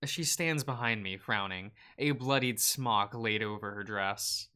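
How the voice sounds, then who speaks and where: Slow, bright-voiced man reading a game. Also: lowish voice, smooth. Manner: playful, wry asides between narration. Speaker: let's play host. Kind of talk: reading a visual novel aloud.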